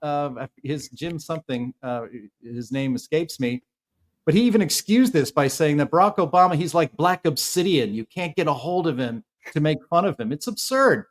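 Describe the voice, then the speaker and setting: A man in his fifties hosts a casual podcast chat. His voice sits a little high for a man, and he talks in an opinionated, animated way. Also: normal speed. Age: 50s.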